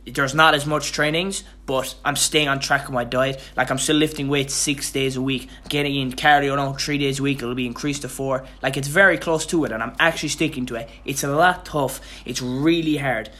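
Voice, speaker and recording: A tired young man hosts his own podcast with a casual motivational monologue, loose and rambling, full of restarts and casual swearing. His medium-pitched voice is pushed and bright, fairly even in intonation, a little fast, with few pauses.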